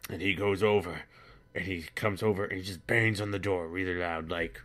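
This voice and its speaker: A man's voice: sits low, steady tone, moderate pace, heavy background noise. A man telling an absurd, crude comedy story in a rambling way as the show's narrator.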